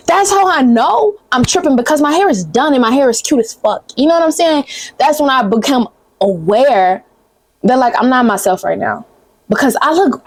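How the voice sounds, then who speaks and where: A woman's voice: fairly high pitch, darkish tone, no echo. A young woman, giving a blunt, profane, sisterly pep talk straight to camera in a casual vlog. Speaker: vlogger.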